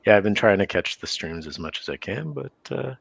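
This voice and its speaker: Male stream guest, deep gravelly voice, easygoing, dry close sound. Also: lively intonation, fairly quick, dry recording. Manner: easygoing, friendly banter. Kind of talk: casual live-stream chat.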